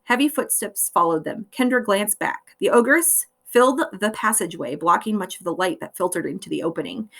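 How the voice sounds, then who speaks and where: A woman reading a fantasy novel aloud, telling it expressively with frequent lifts in her voice. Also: medium pitch. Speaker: reader.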